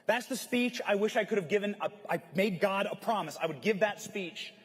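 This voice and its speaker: A man with a high, husky voice delivers a fervent, preachy speech from a conference stage, often raising it to a shout. His pitch leaps and dips with feeling, and a long reverb trails each phrase through the large hall. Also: animated, brisk. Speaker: conference speaker. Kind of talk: impassioned rally speech.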